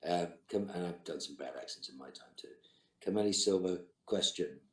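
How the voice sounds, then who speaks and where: Very deep-voiced man with dry wit. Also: normal speed, a bit bright. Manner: dry, wry, terse quips. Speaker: actor answering fan questions. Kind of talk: virtual fan Q&A, reading questions aloud and answering. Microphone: video call. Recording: roomy echo.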